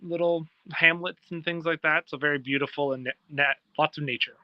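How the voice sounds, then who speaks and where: This Ontario man with a Canadian accent is a friendly, talkative guest on a casual video call. His voice is on the high side and steady, a little fast, with no echo, though the call audio is dull and lo-fi.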